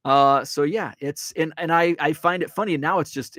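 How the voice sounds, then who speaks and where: A man hosting a casual card-collecting livestream, talking in a slightly higher voice than most men. He rambles along, restarting his sentences and leaning on fillers, and his voice sits dry and close with no room echo. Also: normal speed, hardly any pauses, a bit bright. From Illinois. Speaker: sports card collector and channel host. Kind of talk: casual livestream chat, reading viewer comments.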